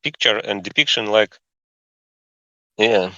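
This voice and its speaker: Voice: medium pitch, slow pace, pushed and bright, no room sound. A book club moderator on a voice call, explaining word meanings with hesitant restarts. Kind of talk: casual discussion on a voice call. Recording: dull lo-fi voice call.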